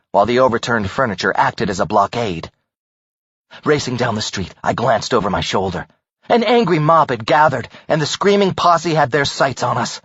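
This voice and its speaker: A man narrating a first-person audiobook thriller in a dramatic, expressive way. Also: mid-range voice, slightly rough, dry recording. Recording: dull, dry audiobook recording.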